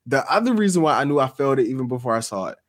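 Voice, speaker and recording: A man's voice: mid-range voice, very animated, very fast. A middle-aged man hosting a podcast, telling stories casually and laughing often as he talks to his audience. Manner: storytelling, laughs often, addresses audience as y'all. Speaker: podcast host and author. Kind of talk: casual livestream chat.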